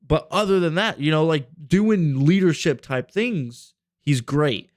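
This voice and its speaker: A man's voice: fairly high pitch, unhurried, dry recording, studio quality. A young man co-hosting a podcast, telling a long rambling story in casual chat, full of fillers and swearing. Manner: rambling, profane, filler-heavy. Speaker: podcast co-host.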